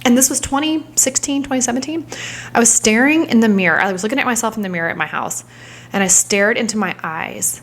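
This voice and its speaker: A woman's voice: on the high side, quick pace, slight background noise. A woman in her thirties telling a personal story in a candid, searching way, sometimes dropping into a whisper as she relives a moment. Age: 30s. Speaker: vlogger.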